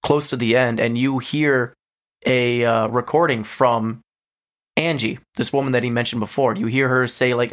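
A man recaps a story on a podcast, his voice sitting at a middling pitch. He talks casually, full of fillers, and jumps into animated quoted lines. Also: normal speed. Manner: animated retelling, many fillers. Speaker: podcast co-host. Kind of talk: casual chat.

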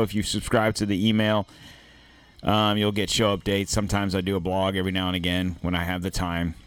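A man's voice: on the low side, clean tone. A man hosting a podcast in a casual, rambling way, chatting to listeners from his studio on a studio microphone. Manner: laid-back, rambling, keeps saying "guys". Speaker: podcast host.

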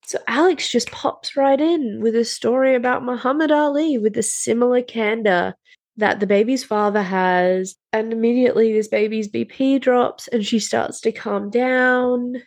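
A woman's voice: on the high side, steady tone, normal speed, darkish tone. A woman, co-hosting a podcast and retelling a TV episode in blunt, matter-of-fact casual chat, swearing freely. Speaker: podcast co-host. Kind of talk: casual chat recapping a TV show.

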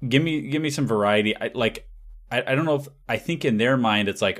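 A man's voice: on the low side, a little fast, a bit bright. A man hosting a podcast in casual chat, opinionated and rambling, with laughing asides. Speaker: podcast host.

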